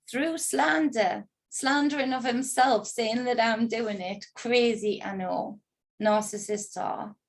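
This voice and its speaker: A woman telling a personal story in an agitated, indignant monologue, swearing freely. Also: on the high side. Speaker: spiritual reader recounting an ordeal.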